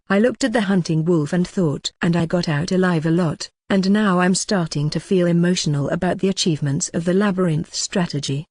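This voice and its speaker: A woman's voice reading a fantasy light novel aloud in a flat, machine-like narration. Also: on the low side, no echo, clean studio sound. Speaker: audiobook narrator.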